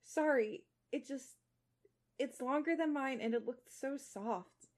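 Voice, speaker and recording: A woman's voice: high voice, slow, darkish tone, pitched above the performer's own voice. A woman reading a shy lovesick scientist. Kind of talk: fan fiction read aloud.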